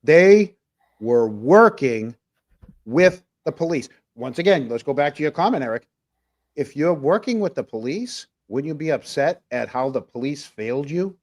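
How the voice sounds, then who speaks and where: A man's voice: fairly high pitch, animated, moderate pace, a little mellow. A man co-hosting a casual livestream talk show, rambling through viewer comments with plenty of fillers. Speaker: podcast co-host.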